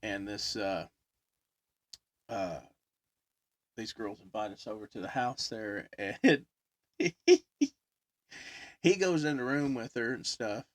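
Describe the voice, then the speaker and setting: A man's voice: on the low side, slow, long pauses, dry recording. A man telling a story in casual chat, rambling with many fillers and laughing as he talks. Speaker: podcast guest storyteller.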